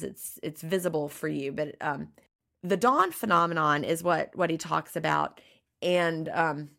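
A woman's voice: low voice, vocal fry, a bit bright. A middle-aged woman co-hosting a podcast in casual chat, explaining things plainly and laughing easily. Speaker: podcast co-host.

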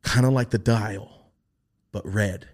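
A young man on a podcast telling a story in casual chat, swearing freely and acting out the voices he quotes. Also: takes it slowly. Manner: animated, swearing, acts out quoted voices in a high pitch. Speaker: podcast host.

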